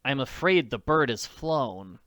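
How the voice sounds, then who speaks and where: A man's voice: mid-range voice, expressive, unhurried, fairly bright tone, no room sound, clean studio sound. A man reading an audiobook, voicing a brave, determined teenage girl detective in an urgent, earnest way. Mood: resolute. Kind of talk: audiobook character voice.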